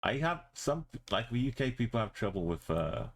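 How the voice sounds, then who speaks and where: A man's voice: mid-range voice, big pitch swings, normal speed. A man streaming live, thinking aloud as he plays and chatting casually with his viewers. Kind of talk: casual live-stream commentary while playing.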